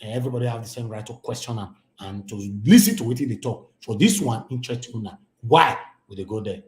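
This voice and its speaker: A man from Edo State with a Nigerian Pidgin accent, reading news articles aloud and breaking into animated, chatty commentary as an online news host. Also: medium pitch, quick pace, echoey room. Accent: Nigerian Pidgin English. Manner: animated, shifts between reading and chatty asides.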